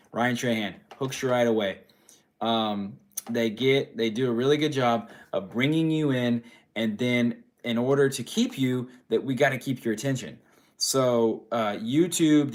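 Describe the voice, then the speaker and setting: A tired man, a dad, chatting casually on a livestream, rambling and repeating his phrases while answering viewer chat. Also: mid-range voice. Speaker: streamer reading viewer chat.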